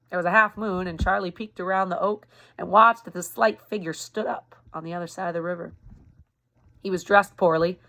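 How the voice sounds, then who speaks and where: A woman's voice: lowish voice, steady tone, fairly quick, bright, forceful tone. A woman reading a chapter book aloud to a youth group, breaking off now and then with chatty explanations. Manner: chatty, explains and rereads slips. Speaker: reader for a youth club. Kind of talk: reading a novel aloud with casual asides.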